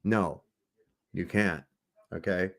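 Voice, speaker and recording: A man's voice: low-pitched, fairly even intonation, slow pace, vocal fry. A man hosting a casual commentary show, reacting sarcastically to videos with frequent swearing. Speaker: host.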